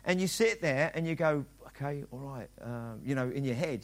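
A man's voice: mid-range voice, normal speed, hardly any pauses. A middle-aged man preaching a sermon as a pastor, talking conversationally and acting out dialogue in quoted voices.

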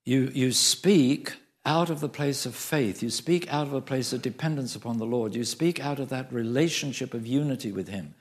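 A man's voice: medium pitch, moderate pace, few pauses. A man preaching a sermon, emphatic, repeating phrases for stress and asking the congregation questions.

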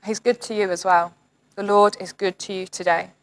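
A woman's voice: medium pitch, steady tone, moderate pace, a little hiss or hum, poor audio. A woman giving an informal online sermon, reading psalms aloud in an earnest, encouraging way. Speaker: church leader.

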